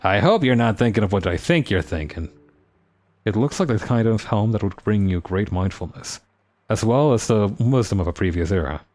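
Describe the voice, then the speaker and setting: Lively man playing a game. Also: fairly low pitch, normal speed. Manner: playful, reads game text aloud with commentary. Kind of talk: live game playthrough reading text aloud.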